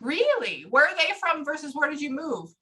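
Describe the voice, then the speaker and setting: A woman working as a psychic medium, talking fast and casually through a live reading and swearing freely. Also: sits high, sing-song, pushed and bright. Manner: rapid, chatty, swears casually.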